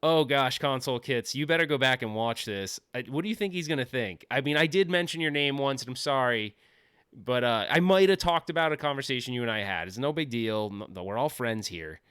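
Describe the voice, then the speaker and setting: A man's voice: mid-range voice, animated, fairly quick, a bit bright, clean tone, no room sound. Rambling joking man on a dry mic. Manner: rambling, joking, self-deprecating, often laughing. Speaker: livestream host. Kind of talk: casual livestream chat. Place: home office.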